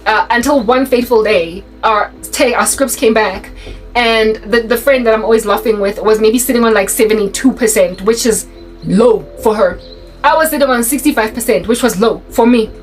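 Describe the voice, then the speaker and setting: A young South African woman telling a personal story in a casual, animated way, slipping in Sesotho phrases as she goes. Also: on the high side, moderate pace, faint music behind, poor audio. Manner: animated, mixes in Sesotho phrases, restarts often.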